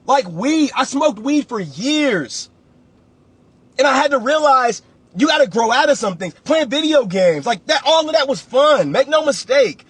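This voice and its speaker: A man's voice: extremely high pitch, expressive, measured pace, breathy edge, no room sound. A man, a real estate coach giving a blunt, preachy motivational talk on a livestream and repeating phrases for emphasis.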